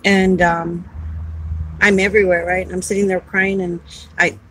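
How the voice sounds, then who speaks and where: A woman's voice: lowish voice, level tone, moderate pace, fairly bright tone, slight background noise, rough recording. A woman and caregiver advocate talking casually on a livestream, heartfelt and rambling, repeating words as she goes.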